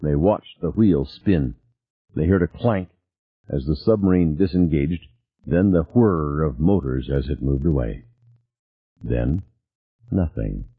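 A man narrating an audiobook in an expressive, varied reading. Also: a bass voice, slow, long pauses, slightly rough, no room sound. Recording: tinny phone-like dry sound.

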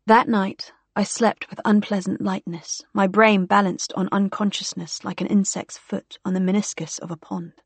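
A woman's voice: medium pitch, little pitch movement, normal speed, hardly any pauses, husky, dry recording. A woman narrating a story in the first person, in a wry, dry storytelling manner. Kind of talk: audiobook narration.

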